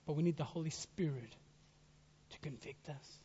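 A man with a high-pitched voice delivers a sermon, swelling to loud emphasis and then dropping to near-whispers. The sound is dull and muffled, carried by a long hall reverb. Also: moderate pace, husky. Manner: dramatic swings from loud to hushed whispers. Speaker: preacher.

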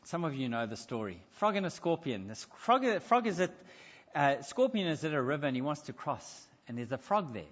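A man preaching a sermon in a church, emphatic and slowing down to stress key points. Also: a little high, very animated. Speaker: pastor. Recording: dull sound in echoey church hall.

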